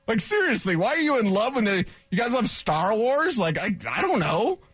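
A man hosting a sports talk radio show, ranting in an animated, opinionated way into a studio microphone. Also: sits high, normal speed, breathy edge, no echo.

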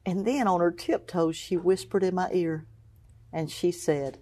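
A middle-aged woman with a fairly low voice shares a personal story as an interview guest. She acts out what others said, drops to a hush in the heavy moments and rises sharply when she gets excited. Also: a little slow. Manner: storytelling, acts out quoted voices, swings from hushed to exclaiming. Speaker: guest, cancer survivor. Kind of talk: emotional personal testimony.

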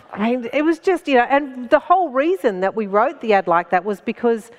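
A woman with an Australian accent, a stand-up comedian telling a story as a guest in an animated way and laughing between phrases. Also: a little high, moderate pace, long reverb tail. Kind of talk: anecdotal storytelling in conversation.

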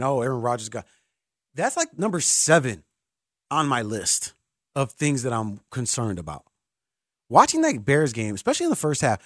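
A man's voice: medium pitch, breathy edge, no room sound, clean studio sound. A man hosting a sports talk radio show, venting as an exasperated fan with self-mocking asides.

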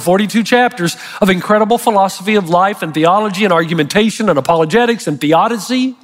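Pastor guy preaching, high voice, lively and emphatic, lots of hall echo. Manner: animated, emphatic storytelling. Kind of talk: sermon. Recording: long hall reverb.

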